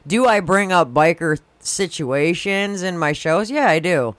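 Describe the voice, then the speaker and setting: A man co-hosting a casual podcast chat, swearing, laughing often and dropping quick agreements. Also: high voice, animated, a bit bright, no echo. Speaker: podcast co-host and creator.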